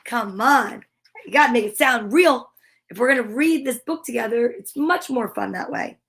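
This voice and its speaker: A woman's voice: on the high side, moderate pace, fairly bright tone, slight background noise. A woman hosting a children's story time, reading picture books aloud with playful, chatty asides and animal sound imitations.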